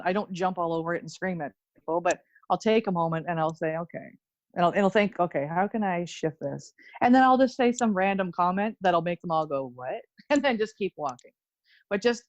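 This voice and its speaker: A woman from Ontario, Canada, speaking bluntly and with frequent laughter in a casual podcast chat. Her voice sits at an ordinary pitch, heard up close on a dry, slightly dull, lo-fi recording with no room sound. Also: dry recording. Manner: blunt, profane, laughs often. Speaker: guest, intuitive medium and Reiki teacher.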